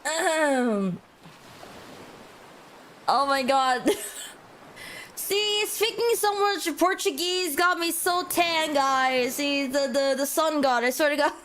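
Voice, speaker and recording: A woman streamer in a casual chat livestream, playful and giggly, laughing often and trailing off with drawn-out fillers. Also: sits high, fairly bright tone, slight background noise. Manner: drawn-out, hesitant with many fillers.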